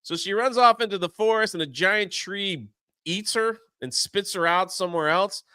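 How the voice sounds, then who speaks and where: A man hosting a casual talk show, recapping a film in an animated way and briefly putting on voices for its characters. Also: high voice, clear, resonant tone, no room sound, clean studio sound. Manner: animated retelling, acting out characters' lines in quick put-on voices. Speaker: show host. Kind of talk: casual movie recap chat.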